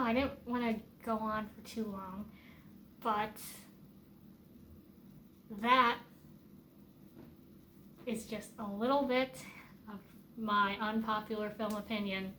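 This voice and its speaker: A woman's voice: on the high side, a bit bright, slight background noise. A woman giving casual, rambling film commentary as a vlogger, chatty and opinionated, with many fillers and restarts.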